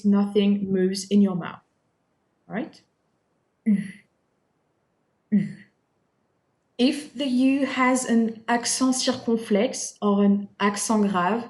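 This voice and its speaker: A woman teaches French pronunciation in a recorded lesson made in an echoey room. She's patient and repetitive, repeating sounds and checking in with "all right?" often. Her voice is a little high with a darkish tone.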